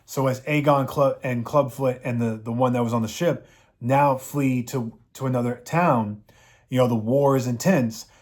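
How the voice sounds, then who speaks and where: A man's voice: medium pitch, moderate pace, a little mellow. Rambling man recapping a show. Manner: rambling, frequent "you know" fillers. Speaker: show reviewer. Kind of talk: casual episode recap.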